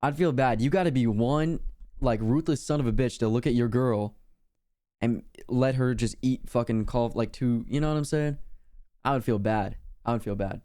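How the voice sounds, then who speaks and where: A young man chatting on a live stream, slangy and laid-back, drifting through his thoughts with plenty of fillers. His voice is mellow and dark, sitting at an ordinary middle pitch. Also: normal speed. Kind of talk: casual reaction chat.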